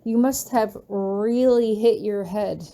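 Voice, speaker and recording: A woman voicing a quiet, doubtful teenage girl, speaking low and slow in a fanfiction reading.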